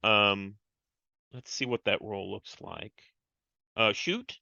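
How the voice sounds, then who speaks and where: A man's voice: on the low side, slow, gravelly, bright, forceful tone, no room sound, muffled recording. A man playing a tabletop role-playing game, hesitant and full of fillers as he describes his actions. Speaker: player. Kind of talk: tabletop game play, casual chat.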